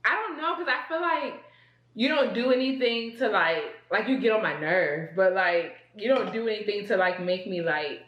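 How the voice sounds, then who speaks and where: A woman playing a couples game on a vlog, chatty and quick to laugh, talking straight to viewers. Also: medium pitch, echoey room, lo-fi sound. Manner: chatty, laughs often, addresses viewers as y'all. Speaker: couple vlogger.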